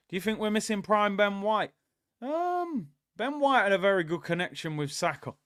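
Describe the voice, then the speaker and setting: A young man hosts a live football watchalong, chatting loosely and reading out viewers' comments. His voice sits a little high for a man and gets loud and excitable when his team attacks. The close mic sounds dry, with no room around it. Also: normal speed, dry recording. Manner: excitable, shouts at the players during attacks. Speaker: watchalong host.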